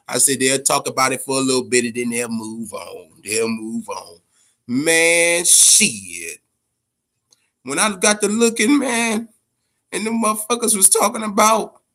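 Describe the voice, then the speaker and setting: A man hosting a boxing podcast, talking casually and profanely, telling stories in an animated way with big swings in pitch. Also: normal speed. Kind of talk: casual unscripted commentary.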